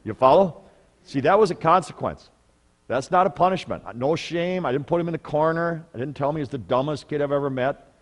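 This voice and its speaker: A middle-aged man presenting at a parenting workshop, telling stories in an animated way and asking the audience questions. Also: on the high side, a little fast, big-room sound. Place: large conference room.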